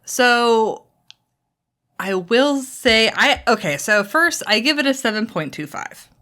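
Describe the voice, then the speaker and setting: A woman's voice: on the high side, expressive, slow, bright, forceful tone. A woman co-hosting a casual podcast, chatty and laughing often, thinking aloud with restarts. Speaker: podcast co-host.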